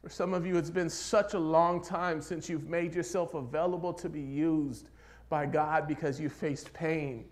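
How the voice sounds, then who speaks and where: A man preaching a sermon as pastor, moving between hushed, near-whispered passages and loud, rising exhortation, with repeated rhetorical questions. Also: fairly high pitch, fairly even intonation, normal speed.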